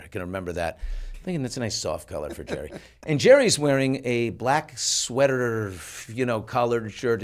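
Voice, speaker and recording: An older man hosting a talk show, telling a story in an animated, self-mocking way and acting out quotes. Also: fairly low pitch. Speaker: host.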